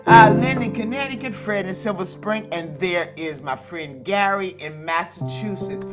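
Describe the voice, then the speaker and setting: A woman's voice: mid-range voice, moderate pace, few pauses, over loud music. A woman hosting an online sing-along. She greets each guest on the video call with exuberant whoops. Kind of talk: welcoming roll call on a video call.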